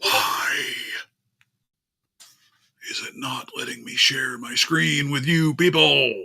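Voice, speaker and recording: A man's voice: medium pitch, a little slow, vocal fry, sharp tone, breathy edge. A man hosting a casual live stream, chatting and grumbling aloud while his screen share fails. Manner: chatty, grumbling at tech trouble, talks to his cat. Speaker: livestream host.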